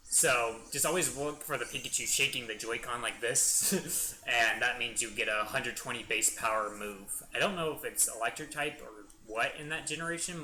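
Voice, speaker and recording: Young guy rambling through a let's play, super bright sharp voice, excited and chatty. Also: medium pitch. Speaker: gaming channel host.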